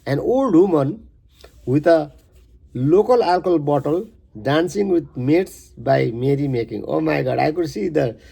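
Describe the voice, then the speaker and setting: A man who is a poet, reading his poem verse by verse and stopping for halting, rambling asides. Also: on the high side, animated, gravelly, dark tone, husky.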